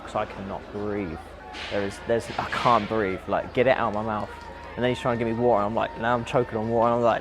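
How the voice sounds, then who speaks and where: Young boxer with a low voice, recounting a fight. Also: male voice, moderate pace, over music. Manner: vivid, animated retelling with breathy asides. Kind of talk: documentary interview recounting a fight.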